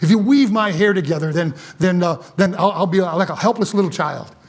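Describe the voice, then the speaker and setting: A man's voice: high voice, a little fast, pitched below the performer's own voice. A male preacher acting out Samson, a strongman who stammers sheepishly to his lover. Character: lovestruck strongman Samson, a man.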